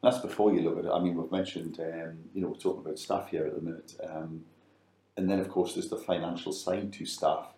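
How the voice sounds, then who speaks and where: A man's voice: low-pitched, steady tone, a little fast, mellow, echoey room, rough recording. A middle-aged man, co-hosting a casual business chat and repeating words as he thinks aloud.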